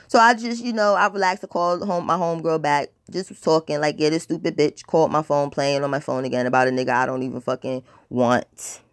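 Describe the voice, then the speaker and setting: A woman's voice: low voice, little pitch movement, fairly quick, few pauses, no room sound, clean studio sound. A woman telling a casual personal story in a blunt, profane, dramatic way, rambling with filler words. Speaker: storytime vlogger.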